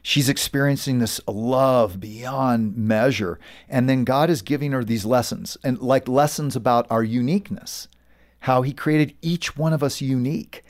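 Pastor guy telling stories in an interview, earnest, mid pitch. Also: measured pace, a little mellow. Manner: earnest, storytelling. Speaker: pastor and author. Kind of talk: recounting stories in a faith interview.

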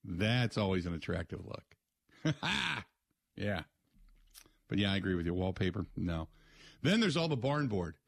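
A man's voice: low-pitched, lively intonation, measured pace, long pauses, dry recording, clean studio sound. A man hosting a sports radio show, rambling and joking through casual rants. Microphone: studio mic.

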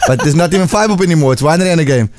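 A man's voice: on the high side, expressive, racing, music in the background. A South African man co-hosting a radio show, joking and teasing in casual banter. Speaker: radio co-host.

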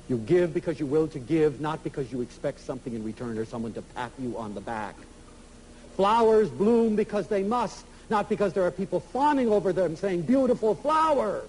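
An animated male lecturer with a high, lively voice that swoops through a wide range. He talks emphatically and slips into little acted-out dialogues. Faint noise sits under the recording. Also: moderate pace, rough recording. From United States. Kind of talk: inspirational public lecture.

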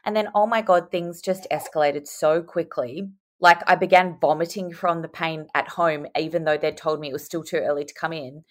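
A woman's voice: low-pitched, normal speed, few pauses. Chatty young woman on a video call. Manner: chatty, animated storytelling. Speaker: podcast guest. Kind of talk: casual chat.

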